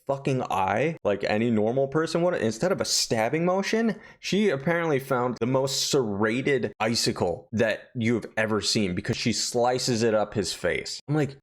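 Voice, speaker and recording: Profane, animated male film reviewer. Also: medium pitch, normal speed, few pauses. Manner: profane, animated, jokey storytelling. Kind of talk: casual comedic plot recap.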